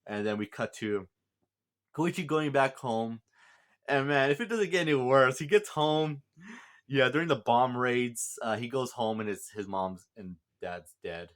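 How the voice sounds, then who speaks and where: A man of average pitch recapping a film in a loose, chatty review. He rambles and restarts often, with frequent filler words and a chuckle here and there. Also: a little slow, a bit bright. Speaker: movie reviewer. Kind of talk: casual spoken movie review.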